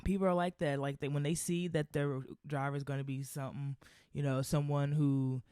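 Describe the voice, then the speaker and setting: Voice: mid-range voice, level tone, normal speed, warm tone, smooth, no room sound. Profane, ranting podcast host, dry sound. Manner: loose, rambling with restarts. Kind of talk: solo podcast commentary.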